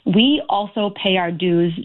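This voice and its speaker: A woman's voice: medium pitch, a little slow. Lady calling into talk radio, earnest and fed up, tinny phone sound. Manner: earnest, aggrieved, talks in long runs. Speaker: caller.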